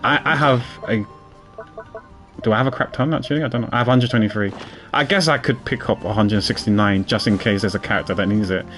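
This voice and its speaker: Male streamer, low voice, rambling casual commentary over gameplay. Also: quick pace, a bit bright, faint music behind. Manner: rambling, repeats words, chuckles often.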